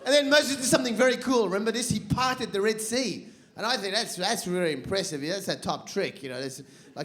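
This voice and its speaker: A man performing a stand-up routine on stage, talking fast and animated with rapid asides and lots of swearing. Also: high-pitched. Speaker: stand-up comedian. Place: stage at a live comedy show.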